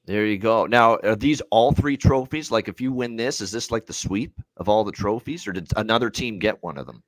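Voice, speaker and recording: A man hosts a betting podcast in a relaxed, chatty manner, dropping casual swears. His voice is low. The sound is dry and close. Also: brisk, dry recording. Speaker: host of sports betting show.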